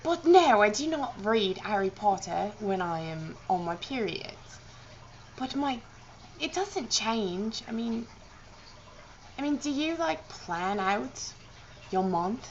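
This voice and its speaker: A woman with a medium-pitched, expressive voice vlogs about books in a deliberately put-on British accent. The jokey vlog is rambling and self-mocking, heavy on fillers like "I mean" and "like." The audio is dull, with slight background noise.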